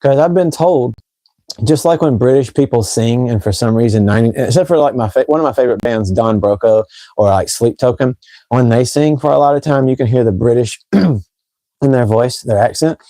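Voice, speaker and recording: A Tennessee fragrance channel host with a Southern accent talks fairly quickly and casually to his live-stream audience from his home, wandering from topic to topic. His medium-pitched voice sounds mellow on a dry recording.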